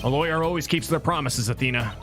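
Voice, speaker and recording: A man's voice: on the high side, fast, over loud music, natural voice. Phoenix Wright, a man voicing an earnest lawyer. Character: earnest young male defense lawyer.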